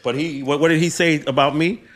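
A man's voice: on the high side, steady tone, fairly quick, fairly bright tone. A man co-hosting a podcast in casual banter, chiming in and egging on the host. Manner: chimes in, laughs, eggs the host on.

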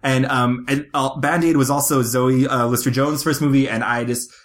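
Male podcast host, mid-pitched, raving casually about films, loose and unfiltered. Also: steady tone, normal speed. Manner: gushing, enthusiastic, swears casually. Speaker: podcast co-host, film reviewer. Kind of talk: casual chat.

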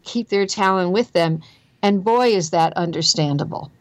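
Her voice sits on the low side, moving at a moderate pace with no echo around it. An earnest guest author with a New Jersey accent, she talks about careers in a conversational interview, emphatically repeating phrases to drive points home.

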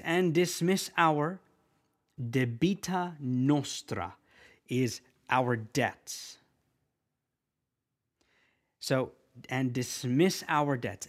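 A man teaching a prayer in Latin as a language lesson, patiently repeating each phrase slowly and clearly. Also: mid-range voice. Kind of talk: slow spoken language lesson.

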